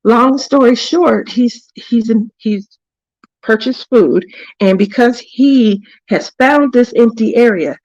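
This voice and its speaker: A woman with a slightly high voice tells a story from her workplace on her craft livestream. She is chatty and laughs often, and she breaks off to greet viewers by name. The sound is close and dry. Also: takes it slowly, a little mellow, no echo, dull audio. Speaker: craft channel host.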